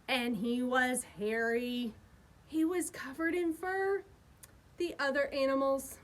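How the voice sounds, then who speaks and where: A woman's voice: high voice, takes it slowly. A woman, a children's librarian, reading a picture book aloud at storytime in a sing-song voice made big for young listeners.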